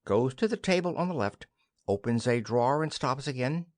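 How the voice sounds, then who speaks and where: A man's voice: medium pitch, lively intonation, normal speed, dry recording. A man narrating a play as an audiobook, reading the stage directions evenly into a close mic.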